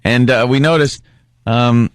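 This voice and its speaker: A male talk radio co-host making mocking, deadpan asides. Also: medium pitch, unhurried, smooth, no echo, clean studio sound. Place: radio studio.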